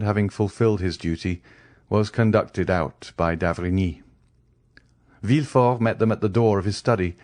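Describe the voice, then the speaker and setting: A man reads a classic novel aloud in a measured, even manner. His voice is low. The recording is dry and close. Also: no echo. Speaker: audiobook narrator. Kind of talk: scripted narration.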